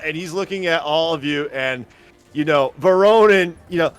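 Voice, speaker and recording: A man's voice: a little high, moderate pace, a bit bright, clear, resonant tone. A man running a tabletop game as game master, narrating casually and thinking aloud.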